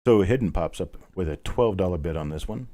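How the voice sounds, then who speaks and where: A man's voice: low voice, lively intonation, brisk, warm tone. A man hosting a live online coin auction, chatting casually, calling out bids and greeting bidders by name. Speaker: auction host.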